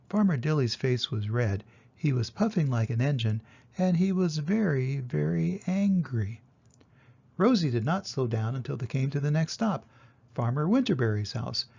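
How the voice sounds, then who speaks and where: An older man reads a picture book aloud to children in a gentle, expressive way, lifting his voice for the exciting parts. His voice is slightly husky and sits at an ordinary pitch. The recording is dull and lo-fi. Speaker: storybook reader.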